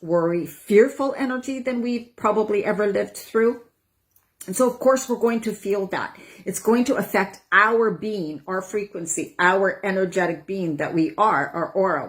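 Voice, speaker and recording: A chatty woman over forty talks as a wellness coach, speaking straight to her viewers at a middle pitch. She drifts between easy explanation and quick acted-out inner voices, letting out breathy sighs as she goes. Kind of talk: casual talk to camera.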